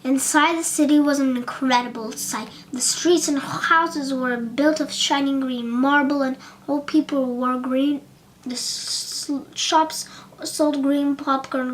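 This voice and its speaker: A woman narrating a children's storybook audiobook with expressive delivery and occasional slips. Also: sits high, unhurried, slight background noise.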